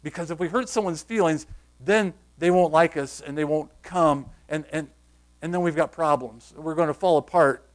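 A man delivers a sermon as a pastor, his voice sitting a little higher than most men's. He talks to the congregation casually but with emphasis, circling back on key phrases and firing questions at them. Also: moderate pace.

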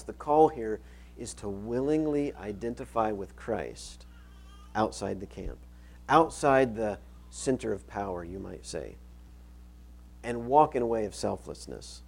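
A man's voice: mid-range voice, mellow. A middle-aged male pastor preaching a sermon, reading scripture aloud and repeating key phrases for emphasis.

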